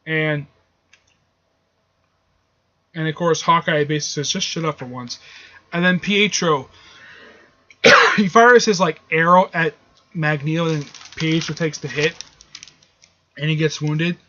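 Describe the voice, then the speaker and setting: A man's voice: on the high side, fairly even intonation, a little slow, pauses often, pushed and bright, slight background noise. A man reviewing a comic book issue in a casual, rambling way, with frequent fillers and restarts, recorded with dull lo-fi sound. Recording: dull lo-fi audio.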